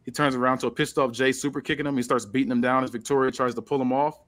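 A man hosting a casual podcast, loosely reading out a storyline with pauses and restarts. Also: medium pitch, steady tone, a bit bright. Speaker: podcast host.

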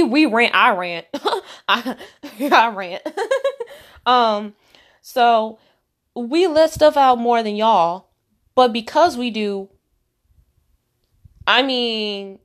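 A woman's voice: fairly high pitch, slow pace, long pauses. A woman hosting a faith-based podcast, talking earnestly in a preachy, rambling way with many restarts. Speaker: podcast host.

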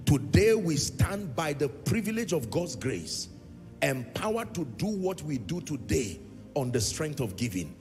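A man preaches with a high, lively, gravelly voice that swoops up and down. He hammers home his points with repetition and drifts into sung phrases. The sound rings in a large hall with faint music behind. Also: unhurried. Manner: emphatic preaching with repeated phrases and sung lines. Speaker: pastor. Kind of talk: sermon.

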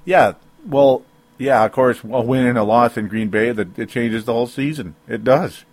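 A man's voice: medium pitch, normal speed, a little mellow. A man hosting a sports talk show alone, ranting with emotion, rambling and interrupting himself with small laughs. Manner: rambling, self-interrupting, laughs between points. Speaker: sports talk podcast host. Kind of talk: emotional solo sports rant.

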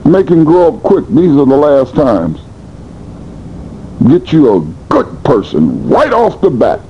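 Animated preacher man on muffled radio. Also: takes it slowly, a little hiss or hum. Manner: animated preaching with sudden swings between high and low; colloquial, blunt. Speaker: pastor. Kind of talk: sermon.

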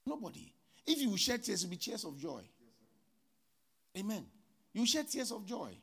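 Animated, husky-voiced preaching man. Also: high-pitched, moderate pace. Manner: preaching with sudden loud rises and soft drops. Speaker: pastor. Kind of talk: sermon.

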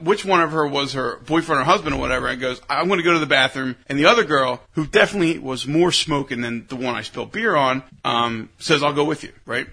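A man co-hosting a casual talk show, telling an animated story and acting out other people's lines loudly. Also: a little high, breathy edge.

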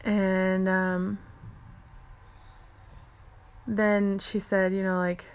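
A woman's voice: medium pitch, little pitch movement, extremely slow, smooth. A young woman, a stay-at-home mom, telling a personal story in a chatty way, full of "like" and quoting herself and others.

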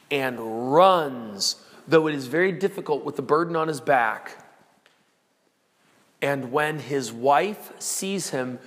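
High-voiced preacher in a reverberant hall. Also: male voice. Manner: dramatic, acting out quoted voices and shouting lines. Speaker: pastor. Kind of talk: sermon. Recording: long reverb of a large hall.

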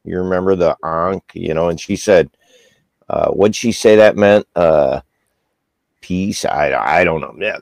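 A man co-hosting a casual talk show, reminiscing about old movies, halting and searching for words. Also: deep voice, vocal fry, a little mellow, dry recording. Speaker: podcast co-host. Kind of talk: casual chat.

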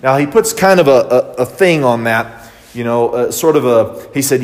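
A man's voice: medium pitch, animated, moderate pace. A man teaching a Bible study in a loose, conversational way, with many fillers and restarts, recorded in a church hall. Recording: long reverb of a hall.

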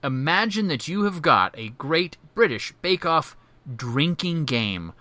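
Bright-voiced male podcast host. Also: fairly high pitch, big pitch swings, unhurried, dry recording. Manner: leads the discussion, asks questions. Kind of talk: casual chat.

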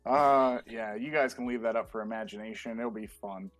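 Excitable fanboy man chatting. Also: fairly low pitch, normal speed, no room sound, soft background music. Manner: excitable fanboy, many fillers. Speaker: podcast co-host. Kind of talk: casual chat reviewing a show.

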